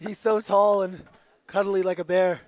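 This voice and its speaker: A man with a notably high speaking voice calls a live water-sports event. He keeps things light and playful, joking with his co-host while waiting on scores. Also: level tone, moderate pace. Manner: playful, jokey, laughs easily. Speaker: event commentator. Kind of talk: live sports commentary and banter.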